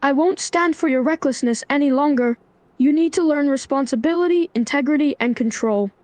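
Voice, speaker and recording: A synthetic female voice reading the lines of a stern young man who lectures in an even tone. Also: sits high, a little fast, no echo, lightly acted.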